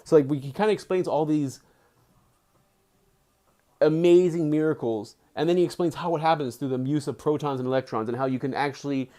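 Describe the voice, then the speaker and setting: A young man with a slightly high voice reads aloud and chats at home. He drifts into excitable, rambling asides, leaning heavily on "like" as he goes. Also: fairly quick. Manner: excitable, rambling, heavy on filler "like". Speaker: live streamer. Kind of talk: reading aloud and casual commentary. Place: indoors at home, settled under a blanket.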